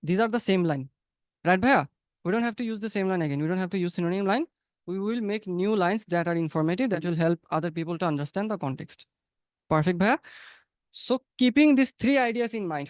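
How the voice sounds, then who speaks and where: A man teaches English conversation over a webinar video call. His voice is high and notably clear. The sound is dry and close, and he coaches his students by repeating his points. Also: a little fast, no echo. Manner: encouraging, repeats phrases, coaching tone.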